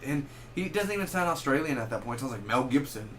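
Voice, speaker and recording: A man's voice: medium pitch, a little hiss or hum. A young man giving a casual spoken movie review, rambling and correcting himself as he goes. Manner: rambling, self-correcting, animated with quick asides.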